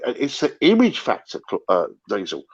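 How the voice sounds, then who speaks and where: A man's voice: on the low side, wildly swooping pitch, moderate pace, slightly rough, highs cut off. A middle-aged man, rambling and swearing as he chats about football on a fan livestream. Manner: rambling, repeats himself, swears. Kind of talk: casual livestream chat.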